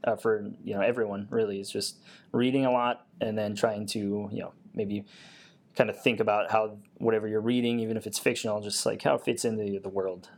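A man being interviewed on a podcast who answers in an easygoing way, often pausing with fillers. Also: on the low side, flat delivery. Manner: easygoing, hesitant with many fillers. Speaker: guest, Air Force technician.

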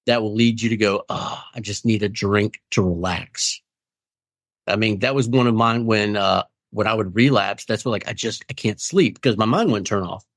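A man's voice: fairly low pitch, no echo. Middle-aged male interview guest; earnest, rambling delivery, dry close sound. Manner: earnest, rambling, acts out quoted friends. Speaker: guest in recovery. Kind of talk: candid interview conversation.

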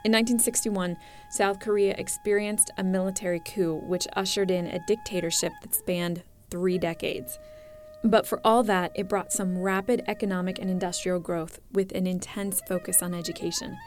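Measured woman narrating a documentary. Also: mid-range voice, huge pitch swings, soft background music. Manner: clear, measured, explanatory.

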